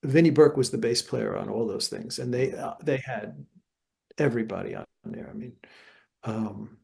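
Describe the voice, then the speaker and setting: Older guy, gravelly voice, animated storyteller doing little voices, interview guest. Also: medium pitch, moderate pace. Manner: animated anecdotes, acts out voices. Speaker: guest jazz guitarist.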